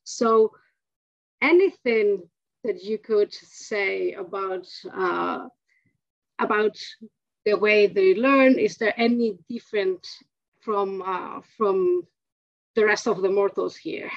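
A woman's voice: mid-range voice, slow pace, creaky, long pauses, highs cut off. A woman interviewing a guest in a casual online chat, encouraging him with frequent affirmations.

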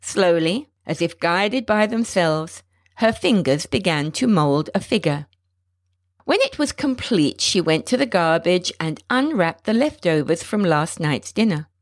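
A woman narrating a short story in a measured, expressive storytelling manner. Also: on the low side, no room sound, studio quality.

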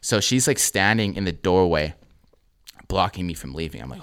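A man's voice: sits low, lively intonation, moderate pace, fairly bright tone, clear, resonant tone. A man co-hosting a podcast, telling a story casually with plenty of swearing and filler words. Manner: laid-back, heavy swearing, lots of "like". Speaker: podcast co-host.

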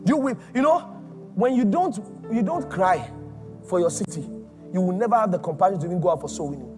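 Male preacher, high voice, fervent and repetitive, soft music underneath. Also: expressive, fast talker. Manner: impassioned, repetitive, swings from loud to hushed. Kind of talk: sermon.

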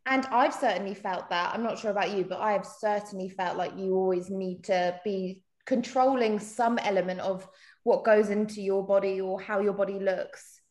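A woman's voice: medium pitch, steady tone, normal speed, a little mellow, roomy sound. A woman from South Africa co-hosting a podcast in a chatty, casual way, often laughing and acting out quotes. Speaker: podcast co-host. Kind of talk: casual chat.

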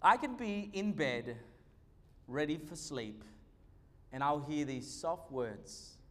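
A man preaching a sermon, animated and joking, with many fillers. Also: on the high side, takes it slowly, long reverb tail. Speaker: pastor.

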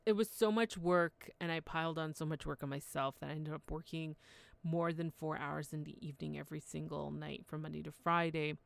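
A woman hosts her podcast alone, talking in a chatty, heartfelt way. Her voice sits very low with a gravelly edge, and the recording is dry and close. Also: fairly even intonation, brisk, no room sound. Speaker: podcast host. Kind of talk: solo podcast monologue.

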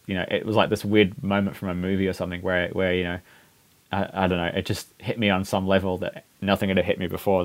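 A man with a New Zealand accent and a notably deep voice chats on a podcast. He speaks in a reflective, searching way, often restarting his sentences and trailing off as he thinks. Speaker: podcast co-host. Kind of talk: casual chat.

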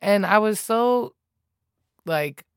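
A woman's voice: medium pitch, slow pace, clean tone, no echo, studio quality. A woman in casual conversation, telling stories animatedly and acting out quotes. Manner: animated storyteller, acts out quotes.

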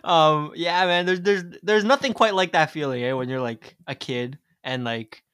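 A man's voice: fairly high pitch, normal speed, a bit bright, smooth. A young man hosting a casual podcast quiz, laid-back and a bit profane. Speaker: podcast host, quizmaster.

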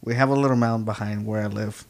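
Young guy chatting, animated storyteller, says like and you know a lot. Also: fairly low pitch, quick pace, creaky. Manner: animated storyteller, many fillers. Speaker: guest. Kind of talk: casual chat.

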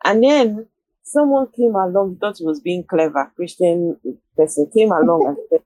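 A woman's voice: on the low side, moderate pace, dark tone, no room sound, poor audio. Chatty woman telling a story. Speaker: participant. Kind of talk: casual group discussion. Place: online audio room.

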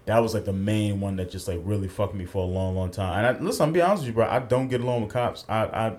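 A man's voice: fairly low pitch, fast, a little mellow. A man co-hosting a podcast, telling a story in casual chat, acting out the quotes and swearing freely, at a studio mic. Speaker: podcast co-host.

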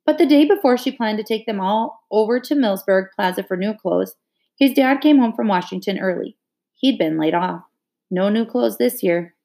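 A woman reading a children's novel aloud, with steady, expressive narration. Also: medium pitch, normal speed, creaky. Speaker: reader.

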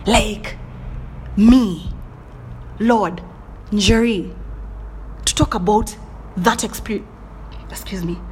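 A woman giving a dramatic motivational monologue, swinging between whispers and loud bursts and often laughing at herself. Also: mid-range voice, slow pace, pauses often, slight background noise. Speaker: motivational speaker.

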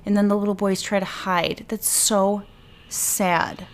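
A woman's voice: mid-range voice, level tone, a little slow. A woman casually retelling a true crime case, rambling and speculating aloud with lots of "like"s. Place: at home with her dog nearby.

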